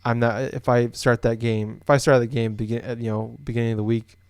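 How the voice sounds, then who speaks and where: A man's voice: medium pitch, little pitch movement, brisk, a little mellow, smooth, dry recording. A young man from Iowa co-hosting a casual podcast, rambling with lots of fillers and restarts. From Des Moines, Iowa. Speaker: podcast co-host. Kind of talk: casual chat.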